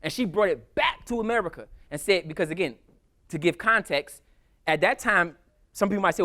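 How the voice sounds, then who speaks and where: A man giving a casual history lecture at a school, telling stories in a lively, colloquial way. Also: on the high side, a little fast. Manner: animated, colloquial storytelling. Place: school hall with audience.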